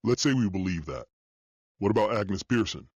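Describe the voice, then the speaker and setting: A man's voice: on the low side, animated, normal speed, no room sound. A man voicing a fearless male FBI agent who talks bluntly and commandingly. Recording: dull dry audio.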